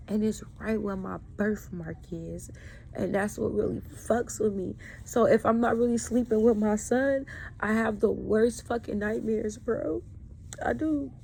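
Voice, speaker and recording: A woman's voice: on the high side, a little mellow. Emotional woman vlogging, raw and profane. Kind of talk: candid personal vlog monologue.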